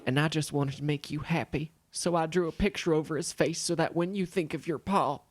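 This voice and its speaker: A man voicing an earnest, gentle small-town tire shop man in an improvised comedy. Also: fairly high pitch, fairly even intonation, a little fast, no room sound, natural voice.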